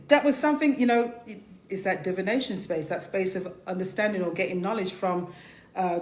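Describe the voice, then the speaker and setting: A woman's voice: mid-range voice, reverberant. A woman giving an informal spiritual talk as a priest and teacher, passionate and conversational, pressing her points with rhetorical questions.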